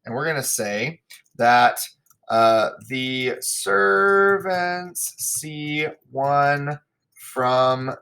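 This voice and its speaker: A man's voice: medium pitch, a bit bright. Casual male teacher explaining a play. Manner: casual explaining with many fillers, checking in with "right?". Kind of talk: recorded lesson walkthrough.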